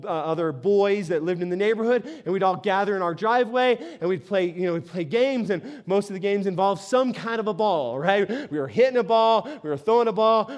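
High-voiced pastor, chatty sermon. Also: male voice, clean tone. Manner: conversational storytelling with frequent "right?" asides.

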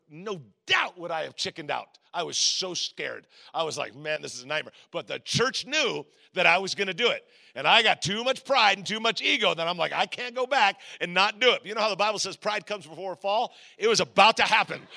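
Male pastor, 40s, gravelly and very bright; lively storyteller who acts out voices and breaks into shouts. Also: high voice. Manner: animated storyteller acting out voices, sudden shouts. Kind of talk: storytelling sermon.

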